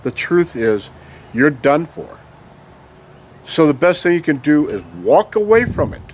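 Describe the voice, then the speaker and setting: A vlogger with a fairly high voice and big pitch swings rants at a measured pace, angry and emphatic. He checks in with his audience again and again by asking "okay?", and there's slight background noise.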